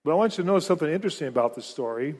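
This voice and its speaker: A pastor preaching to his congregation, a man with a somewhat high voice. He talks earnestly, stumbling back over words and restarting his phrases. His voice rings out with a long reverb, as in a large church hall. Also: lively intonation, racing, darkish tone. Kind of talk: sermon.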